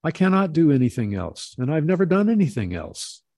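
A man's voice: on the high side, very animated, a little fast, warm tone, no room sound, clean studio sound, pitched above the performer's own voice. A man voicing a drunken peasant thief who begs and insists, in a raised, emphatic voice. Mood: insistent.

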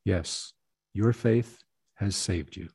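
A man voicing a calm, kindly spiritual master who speaks gently and in measured words. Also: on the low side, husky, dry recording, studio quality, heavily acted. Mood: gentle. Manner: gentle, soft-spoken, measured.

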